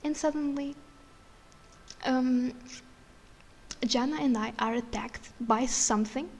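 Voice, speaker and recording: A woman content creator casually telling the story of a dream, excited and tumbling, acting out what she said in it. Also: sits high, slow pace. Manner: excited, tumbling retelling with quoted inner speech. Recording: long reverb with faint music.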